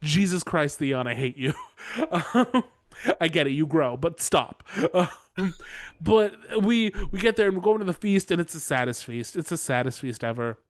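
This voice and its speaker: Male podcast co-host, casual recap chat, rather high voice, very dry close sound, profane and animated. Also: moderate pace, no room sound. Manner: animated, profane storytelling full of asides.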